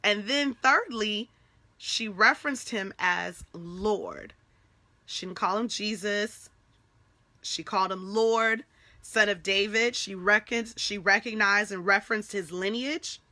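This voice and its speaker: A woman leading a devotional Bible study speaks in a bright, forward voice, recorded dry and close with no room sound. She teaches in a conversational, encouraging way. She checks in often and restarts phrases as she works through her thoughts. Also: mid-range voice, takes it slowly, no echo. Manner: conversational and encouraging, with frequent "okay?" asides; repeats words and restarts as she thinks aloud.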